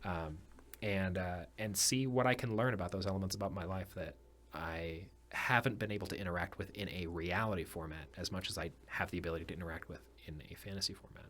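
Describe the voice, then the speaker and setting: A man's voice: low-pitched, steady tone, quick pace, fairly bright tone. A man from North Carolina, a guest on a podcast, talking in a reflective, earnest way with many fillers. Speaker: podcast guest, artist and dungeon master. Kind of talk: casual podcast chat.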